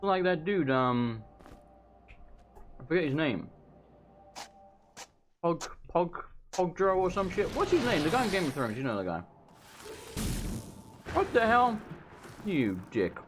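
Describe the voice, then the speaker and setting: A man's voice: fairly high pitch, very animated, unhurried, pauses often, a little hiss or hum. Chatty, rambling male game commentator. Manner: rambling and chatty, swearing, eating while talking. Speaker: let's play commentator. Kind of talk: casual gameplay commentary.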